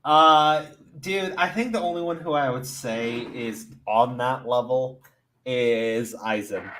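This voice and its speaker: A young man chatting casually on his stream, telling stories with lots of swearing and growing excitement. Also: medium pitch, slow pace, slight background noise. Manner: profane, excitable, animated storytelling. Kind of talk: casual chat.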